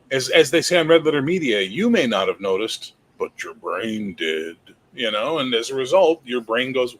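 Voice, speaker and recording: A man's voice: mid-range voice, lively intonation, brisk. A man as a podcast guest in casual chat, sarcastic and jokey. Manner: sarcastic, jokey, mock voices.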